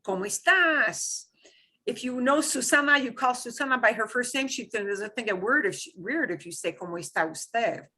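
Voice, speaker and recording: A woman teaching an online class, animated and quick to laugh. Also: a little high, slightly rough. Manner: animated, punches stressed syllables, laughs easily. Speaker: Spanish teacher.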